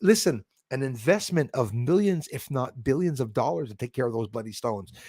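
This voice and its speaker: A man's voice: medium pitch, animated, normal speed, a little mellow, husky, no room sound, studio quality. A man from Canada hosting a casual livestream, talking in a rambling, heated, blunt way with many restarts. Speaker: livestream host reading chat.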